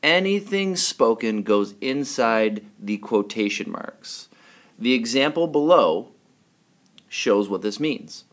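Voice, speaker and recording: A man's voice: medium pitch, expressive, slow pace. A man teaching a writing lesson in a patient, explanatory way, often checking in with his students.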